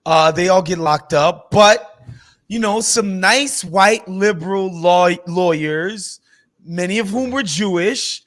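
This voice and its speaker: A man's voice: high voice, takes it slowly, fairly bright tone. A man hosting a podcast in casual chat, chatty and often checking in with his listeners. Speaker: podcast host.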